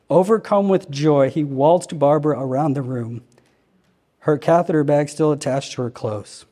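A man reading a healing account aloud in an earnest, steady narration, with occasional slips and restarts. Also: a little high. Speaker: reader of a testimony.

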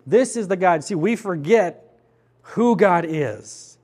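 A man's voice: sits high, expressive, unhurried, darkish tone. A man preaching a sermon as pastor to his church, in an earnest, conversational way with many questions to the listeners.

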